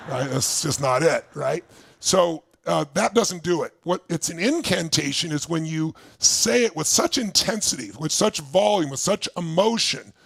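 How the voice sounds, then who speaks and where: A man's voice: high-pitched, vocal fry, fairly bright tone, dry recording. A man from Southern California giving an intense motivational talk, telling his own story to a live crowd. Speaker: motivational speaker.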